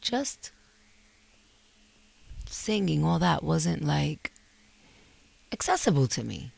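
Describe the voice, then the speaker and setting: A woman's voice: low-pitched, very animated, takes it slowly, creaky, darkish tone, slightly rough, no room sound. A woman in her forties from New York City with a New York accent, talking as a guest in a casual interview and slipping between English and Spanish. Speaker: guest actress.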